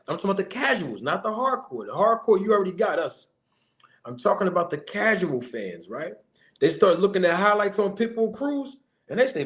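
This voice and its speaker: A man's voice: sits high, big pitch swings, fairly quick. A man commenting to camera as a boxing manager, giving a young fighter emphatic, repetitive advice and addressing him directly. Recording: echoey room.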